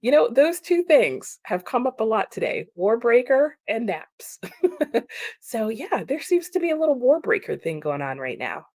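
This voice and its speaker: A woman's voice: a little high, very animated, a little slow, darkish tone, dry recording, studio quality. A woman hosting a casual livestream, chatting about chat comments with frequent laughs and lots of "like" fillers.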